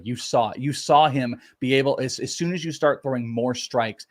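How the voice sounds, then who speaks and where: A man co-hosting a live sports podcast, giving blunt, animated opinions in casual banter. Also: mid-range voice. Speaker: fantasy baseball co-host.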